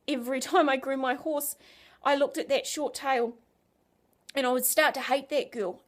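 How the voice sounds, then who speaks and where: A woman tells a faith-themed story aimed at children. Her voice sits a little high, and she delivers it with lively expression, sinking to near-whispers before building back up loudly. It feels like a storybook being read aloud by its author. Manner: animated, expressive, swings from hushed to loud.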